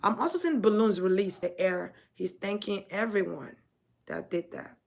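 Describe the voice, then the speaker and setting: A woman doing a channeled spiritual reading, halting and emotional as she searches for words. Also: medium pitch, animated, creaky. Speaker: spiritual reader.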